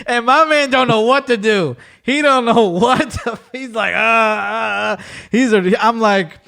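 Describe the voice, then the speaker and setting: A man hosting a podcast, telling stories in an animated way, acting out quotes and laughing often. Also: very high voice, unhurried. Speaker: podcast host. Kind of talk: casual chat.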